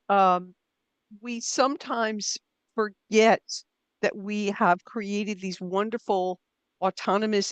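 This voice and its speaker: A woman's voice: medium pitch, clean tone, no room sound. A middle-aged woman answers a host's questions thoughtfully, poking fun at herself and circling back with restarts and fillers. Her voice sits mid-range and sounds dry and close to the mic. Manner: thoughtful, self-deprecating, frequent fillers and restarts. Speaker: author and writing coach, guest. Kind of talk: conversational interview.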